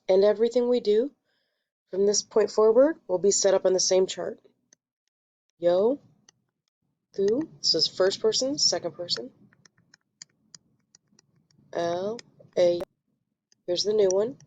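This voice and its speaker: A woman teaching a Spanish lesson, explaining step by step in a patient way and quickly correcting her own slips. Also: medium pitch, a little mellow, slight background noise. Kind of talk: recorded classroom lesson.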